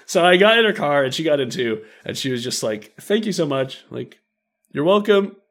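A young man chatting on a podcast with his co-host, his pitch rising and falling freely as he spins a story. He slips into the voices of the people in it and keeps breaking into laughter. The tone is loose, easy casual chat. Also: very animated, normal speed. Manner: storytelling, acts out quotes, laughs often.

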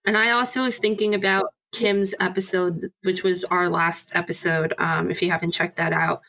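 A woman's voice: fairly low pitch, level tone, moderate pace, bright, forceful tone, poor audio. Upbeat chatty woman podcast co-host. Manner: upbeat, chatty, asks questions with enthusiasm. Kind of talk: casual chat.

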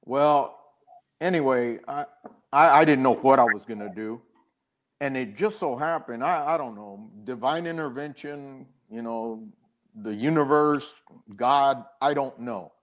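A man's voice: medium pitch, unhurried, highs cut off. An older man, a guest in an interview, earnestly telling a personal story with many restarts and acted-out quoted dialogue.

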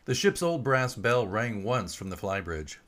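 A man reading his own story aloud in a measured, even storytelling voice. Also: lowish voice, a little hiss or hum. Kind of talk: audiobook narration.

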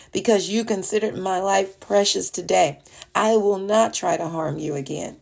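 Speaking low, gravelly, and a little mellow, a woman reads a Bible passage on her devotional podcast. She follows it with a chatty, laugh-sprinkled explanation in this casual teaching clip, recorded as a podcast voice message.

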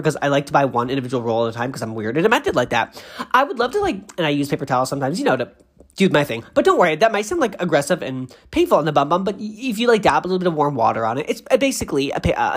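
A quick-talking comic voice, from Boston but with no trace of an accent, rattling through a recap of commercials. The speaker rambles off on tangents, interrupts themselves and stumbles over words, recording alone in a bathroom. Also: mid-range voice. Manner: digressive, self-interrupting, tripping over words. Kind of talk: comedic rambling monologue.

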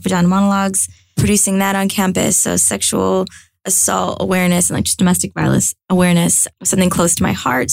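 Young american woman comedian chatting on a podcast, fast restarts and fillers, mid pitch. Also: gravelly, no echo. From United States. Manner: chatty and animated, lots of filler words and restarts. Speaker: guest, actress and comedian. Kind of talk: casual interview chat.

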